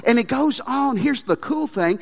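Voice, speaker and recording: High-voiced preacher in a reverberant hall. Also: male voice, moderate pace. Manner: animated, emphatic, repeats phrases. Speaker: pastor. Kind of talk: sermon. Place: church sanctuary. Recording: long reverb of a large hall.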